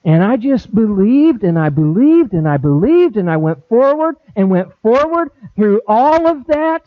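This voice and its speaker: A middle-aged pastor preaching a sermon, animated, acting out quoted conversations with big swings in voice. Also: male voice, sits high, unhurried, no room sound. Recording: dry, tinny phone-like sound.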